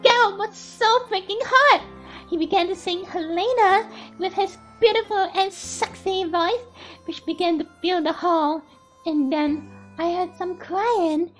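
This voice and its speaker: A young woman streamer, excitable and giggly, chatting while gaming and reading a story aloud on a headset mic. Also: very high voice. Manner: excitable and giggly, often apologizing.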